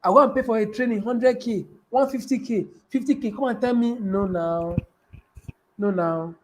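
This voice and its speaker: A man coaching his viewers on business in a high-pitched voice. He hammers points home by repeating phrases and throwing questions at the audience. His delivery is emphatic and conversational. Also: steady tone, a little fast, darkish tone, a little hiss or hum, low-quality recording. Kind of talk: live-streamed motivational talk.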